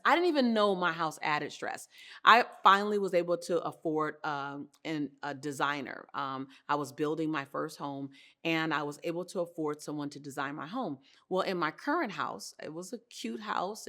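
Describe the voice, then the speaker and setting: Woman, motivational host, expressive, animated, laughs often, talk to camera, indoor set. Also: sits low.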